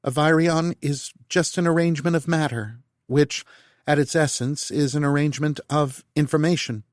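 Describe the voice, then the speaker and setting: A man's voice: on the high side, fairly even intonation, normal speed, no echo, studio quality, natural voice. A male narrator voicing a female scientist who explains viruses patiently, like a lecture. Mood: explaining.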